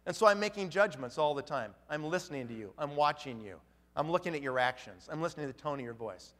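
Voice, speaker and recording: A man's voice: a little high, animated, fast talker, a bit bright, long reverb tail. A man giving an emphatic motivational talk at a conference, firing off rhetorical questions. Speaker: motivational speaker.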